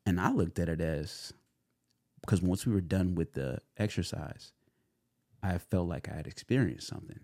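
A young male actor, appearing as an interview guest, speaks at a moderate pace in a low, deep voice that's warm and mellow. His storytelling is loose and animated, packed with fillers, and he acts out what people said to him. The sound is dry and close, with no room sound.

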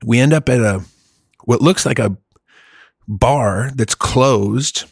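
A man's voice: mid-range voice, slow pace, husky, no echo. Middle-aged man, casual storyteller, rambling and profane, dry close sound. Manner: rambling, profane, laughs often.

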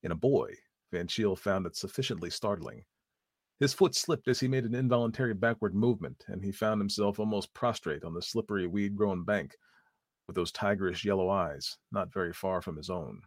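A man reading a story aloud as narrator in a measured, even manner. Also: low voice, dry recording, studio quality.

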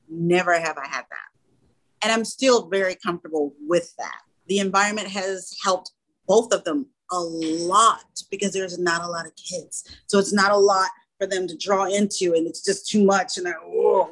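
A woman's voice: fairly low pitch, a bit bright, rough recording. A woman who runs a small school, speaking in a casual interview and telling earnest stories full of quoted dialogue. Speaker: small school or daycare founder.

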